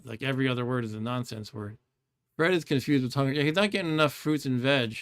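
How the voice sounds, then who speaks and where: A man's voice: medium pitch, fast talker, clean tone. Chatty, rambling male game streamer. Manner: chatty and rambling, laughs often. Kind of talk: casual gameplay commentary.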